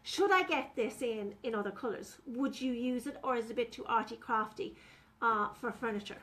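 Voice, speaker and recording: A woman's voice: on the high side, moderate pace, a bit bright. A woman, chatting through a live furniture painting demonstration and talking to viewers as she works. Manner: chatty, talks viewers through each step.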